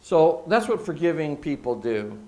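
A man preaching a sermon, using emphatic repetition and dropping from loud, stressed phrases to hushed asides. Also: fairly high pitch, sing-song, normal speed. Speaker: pastor.

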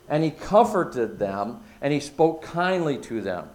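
Guy preaching a sermon, lively up-and-down voice, repeats lines for punch. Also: medium pitch, unhurried, hardly any pauses. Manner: expressive preaching, swinging between loud emphasis and hushed asides; repeats phrases for emphasis. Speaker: pastor.

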